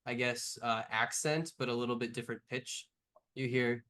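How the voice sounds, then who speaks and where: A man's voice: mid-range voice, steady tone, normal speed, bright, forceful tone. A man running a tabletop game as game master, narrating loosely with lots of fillers.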